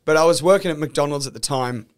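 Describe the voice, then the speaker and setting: Young Australian man, somewhat high voice, animated, self-mocking storyteller, easygoing podcast banter. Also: fast talker. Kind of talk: casual podcast chat.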